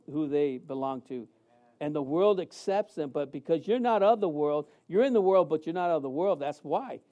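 Man, pastor, fifties, high voice, mellow tone, conversational sermon, restarts, animated quotes. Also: highs cut off.

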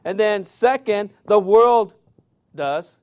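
A man's voice: high voice, lively intonation, slow pace, a little mellow, clear, resonant tone. A man preaching a sermon in a loose, conversational storytelling way, full of fillers and restarts. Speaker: pastor.

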